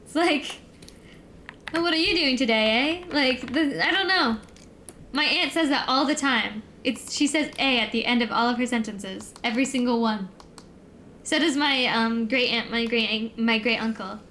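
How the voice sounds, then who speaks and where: A woman's voice: a little high, normal speed, bright, forceful tone, slight background noise. A young American woman streamer rambling in casual chat, laughing easily and filling her talk with "like". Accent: neutral American. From United States. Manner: rambling, chatty, laughs easily, filler-heavy.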